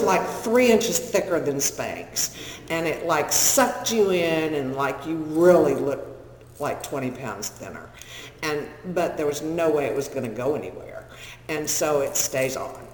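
A woman's voice: sits low, slight background noise. A woman in her sixties with a Texan accent, telling her recovery story to an audience in a candid, self-deprecating, humorous way. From Northern California. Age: 60s. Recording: echoey hall with long reverb.

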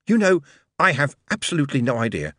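A man's voice: mid-range voice, sing-song, fast, a bit bright, no room sound, studio quality, pitched above the performer's own voice. A man voicing a glib, charming male showman who talks in a persuasive, theatrical, emphatic way. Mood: earnest.

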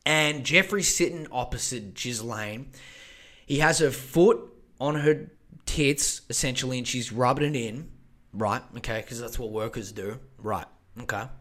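A man's voice: mid-range voice, a little slow, a bit bright. A man hosting a podcast alone, ranting casually with crude, profane, rambling asides. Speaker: podcast host. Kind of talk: casual solo podcast rant.

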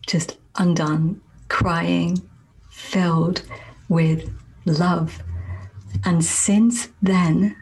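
Woman, minister's testimony; very husky and breathy, unhurried, low-ish, halting, near-whispered. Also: poor audio. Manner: soft, halting, often slips into a near whisper. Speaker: Christian minister sharing a testimony. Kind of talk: slow, reflective spoken testimony.

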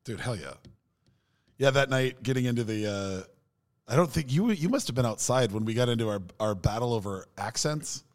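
A man's voice: mid-range voice, moderate pace. A man co-hosting a podcast, telling stories in casual chat with enthusiasm. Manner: enthusiastic storyteller, animated. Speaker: podcast co-host.

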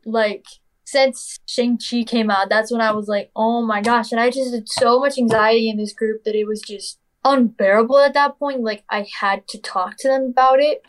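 A woman's voice: a little high, fairly even intonation, moderate pace. A young woman telling a personal story in a casual, chatty way, full of "like" and "literally", acting out what people said. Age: young adult. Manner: acts out quoted dialogue.

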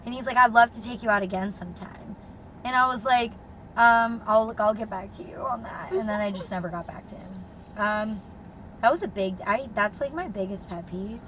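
A young woman telling a dating story as a podcast co-host, animated and swearing freely, with lots of "like". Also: mid-range voice, normal speed, a little hiss or hum. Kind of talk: casual storytelling chat.

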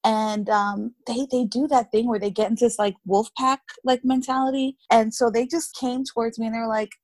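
A woman co-hosting a podcast in casual conversation, talking with a sing-song lilt that rises at the end of sentences, an animated storyteller. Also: fairly high pitch, fairly quick, no echo. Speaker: podcast co-host.

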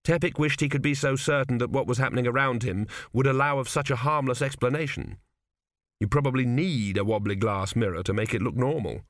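A man narrates a comic fantasy novel in a measured, wry storytelling voice. His pitch sits in the middle range. The recording is dry and close, with no room sound. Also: no room sound. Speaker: audiobook narrator.

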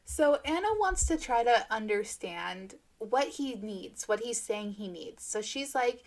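A woman's voice: fairly high pitch, a little slow. A young woman co-hosting a book podcast, retelling scenes with lots of laughter and "like" fillers. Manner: giggly, animated retelling with "like" fillers. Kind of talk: casual book chat.

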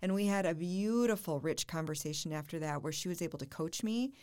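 A middle-aged woman, a family and marriage therapist, giving thoughtful, measured answers in an interview. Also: on the low side, darkish tone, clear, resonant tone. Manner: thoughtful, measured, builds points through repetition.

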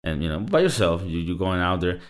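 A Latin American podcast co-host talks fairly quickly in a low-sitting voice with big pitch swings. The chat is casual and loose, full of profanity and fillers such as "bro" and "like."

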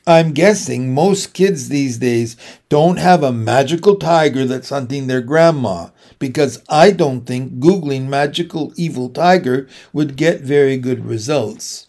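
Give me a man playing a hesitant, polite young storybook girl, speaking slowly. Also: medium pitch, a little mellow, lightly acted.

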